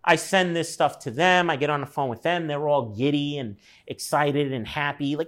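A man's voice: a little high, normal speed, a bit bright. Man telling a story, acting out voices. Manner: acts out quoted voices, swears casually. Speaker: guest telling a personal story. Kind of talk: casual storytelling.

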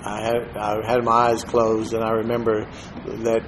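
A preacher, giving a sermon in a relaxed, conversational storytelling manner and dropping into soft-spoken asides. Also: male voice, lowish voice, normal speed, a little hiss or hum, poor audio. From Texas, USA.

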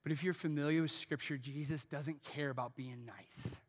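A man preaching a sermon as pastor in a church, swinging from hushed lines to shouted peaks. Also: a little high, fairly even intonation, normal speed, big-room sound. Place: church auditorium.

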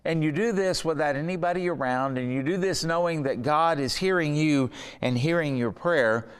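A man's voice: fairly high pitch, normal speed, smooth, long reverb tail. A man preaching a sermon, earnest and conversational, asking the listeners questions. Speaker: pastor.

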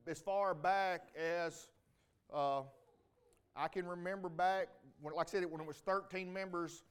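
A man's voice: on the high side, clear, resonant tone. A middle-aged man giving a rambling, folksy homecoming testimony to a church congregation. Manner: folksy, rambling, with many restarts. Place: church sanctuary.

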